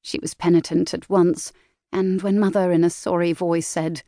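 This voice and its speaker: A woman narrating an audiobook of a classic novel in a measured, expressive storytelling manner. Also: lowish voice, dry recording, studio quality.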